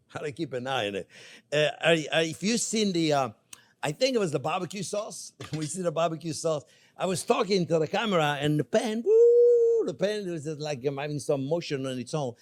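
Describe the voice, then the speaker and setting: A man's voice: a little high, expressive, fairly quick. An older man hosting a cooking show, chatting playfully with viewers as he cooks. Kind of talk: casual cooking demonstration.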